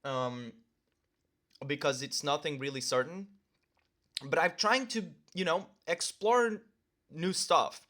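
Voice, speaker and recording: Young guy talking to his camera over lunch, slightly high voice, lots of ums, chewing between words. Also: slow pace, long pauses, sharp tone. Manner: rambling, filler-heavy, talks with his mouth full. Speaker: vlogger. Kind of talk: casual talk to camera while eating lunch.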